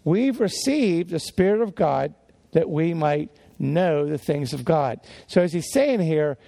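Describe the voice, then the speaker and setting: A male pastor delivers a sermon in a loose, conversational way, laughing softly and doubling back on his words. His voice is a little high for a man but dark and mellow in tone, with a gravelly edge. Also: expressive, unhurried. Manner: conversational with chuckles and repeated restarts. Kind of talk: sermon teaching.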